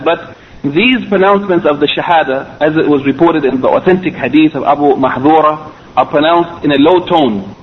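A man teaching a recorded religious lesson, explaining step by step with fillers and self-corrections. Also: on the high side. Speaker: Islamic studies teacher. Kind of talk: recorded lecture. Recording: tinny phone-line quality, faint hiss.

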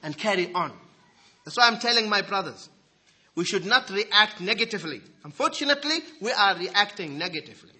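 Lively husky-voiced male preacher. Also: high voice, brisk. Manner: animated, swings from loud emphasis to soft asides. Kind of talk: sermon.

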